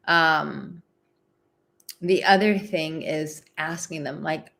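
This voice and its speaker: A woman's voice: deep voice, steady tone, slow pace, creaky, pauses often, fairly bright tone. A woman hosting a live advice talk, chatting casually with many "like" fillers and acting out example phrases. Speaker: relationship advice host.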